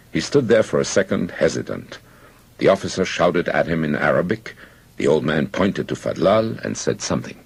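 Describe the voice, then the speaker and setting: Very deep gravelly male narrator. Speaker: audiobook narrator. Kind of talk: scripted first-person narration.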